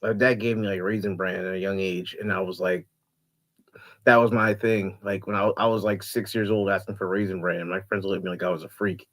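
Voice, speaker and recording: A man's voice: deep voice, little pitch movement, brisk, fairly bright tone. A man from New Jersey, a podcast guest, trading laid-back teasing banter in casual chat.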